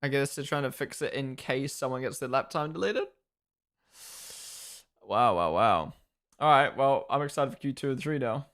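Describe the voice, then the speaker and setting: Young male streamer, chatty watchalong host who reacts live and thanks chat, mid-pitch voice. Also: animated, moderate pace, long pauses, fairly bright tone. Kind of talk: casual live-stream commentary.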